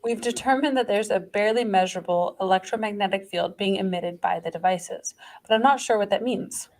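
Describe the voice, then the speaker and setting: A woman reading a measured female doctor. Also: medium pitch, a little mellow, close to an everyday voice. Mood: clinical. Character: calm female base doctor. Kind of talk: podcast read-through.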